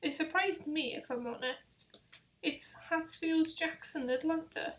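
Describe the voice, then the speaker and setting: A woman's voice: high-pitched, unhurried, a bit bright, a little hiss or hum. A young woman hosting a casual live travel quiz, chatty and rambling, with self-deprecating asides. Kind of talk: casual live-stream chat.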